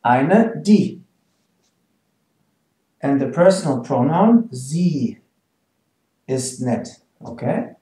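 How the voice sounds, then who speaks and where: A man teaching a language lesson, talking slowly and patiently with a mellow, darker tone. He repeats each example and chuckles now and then. The room around him is echoey. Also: mid-range voice, lively intonation. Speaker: German teacher.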